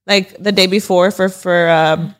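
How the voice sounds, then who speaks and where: A woman's voice: lowish voice, fairly even intonation, unhurried. A woman in her late twenties co-hosting a podcast, chatting casually and chiming in with short reactions. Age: late 20s. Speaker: podcast co-host. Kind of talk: casual chat.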